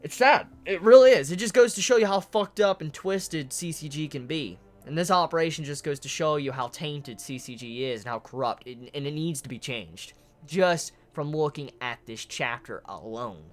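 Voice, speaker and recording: A manga reviewer giving a casual, emotional spoken chapter analysis, excitable and swearing often. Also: medium pitch, moderate pace, soft background music.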